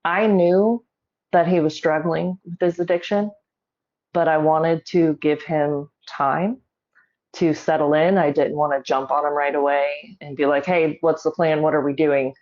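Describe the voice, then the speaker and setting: A middle-aged woman telling a personal story in an interview, measured and emotional, holding back tears. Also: sits low, steady tone, a little mellow, lo-fi sound. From South Carolina, US. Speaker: guest.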